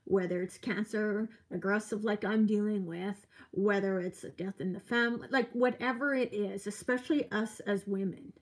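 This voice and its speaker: A woman's voice: mid-range voice, steady tone, normal speed, hardly any pauses. A woman in her forties chatting earnestly on a live stream, a little tired, reading out viewer comments as she talks. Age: 40s. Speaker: vlogger. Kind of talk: casual live-stream chat.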